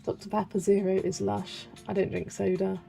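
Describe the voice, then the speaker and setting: A woman's voice: medium pitch, little pitch movement, normal speed, creaky, mellow, soft background music. A young British woman with a British accent, chatting casually and giggling while she colours on a livestream and reads out viewer comments. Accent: British English. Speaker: colouring channel host.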